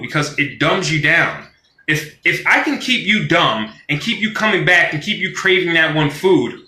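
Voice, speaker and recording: High, bright-voiced man ranting profanely. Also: echoey room. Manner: animated, profane, acts out quoted voices. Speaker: vlogger on a live stream. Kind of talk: casual profane rant.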